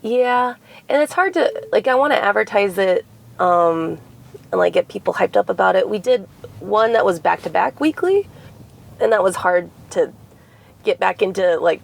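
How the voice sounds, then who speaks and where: Heavily creaky-voiced woman guest. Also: medium pitch, lively intonation, normal speed. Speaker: comedy show producer and guest. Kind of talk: casual chat. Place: car.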